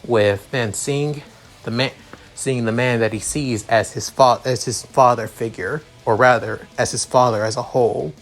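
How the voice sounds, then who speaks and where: A man reading his own fan story aloud in a halting, improvised way, often restarting his sentences. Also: mid-range voice. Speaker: story reader.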